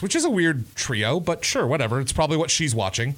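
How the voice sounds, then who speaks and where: A man co-hosts a casual podcast and tells stories in a playful, rambling way. His voice sits high for a man and is very animated. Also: quick pace. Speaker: podcast co-host. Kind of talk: casual chat.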